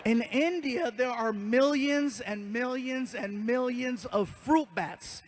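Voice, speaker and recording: Male stand-up comic, unusually high voice, animated storyteller, live theater stage. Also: takes it slowly, slight background noise. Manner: animated, acts out voices of others. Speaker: stand-up comedian.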